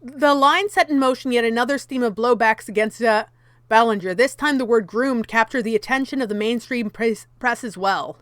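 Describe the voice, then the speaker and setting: A woman's voice: fairly high pitch, moderate pace, a bit bright, no room sound, studio quality. A woman commentary YouTuber reading from an article and reacting in a heated, exasperated way, with many fillers.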